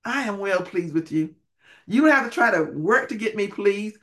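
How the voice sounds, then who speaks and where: A male preacher voicing God as a tender, reassuring father, speaking slowly and gently within a sermon. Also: sits high, animated.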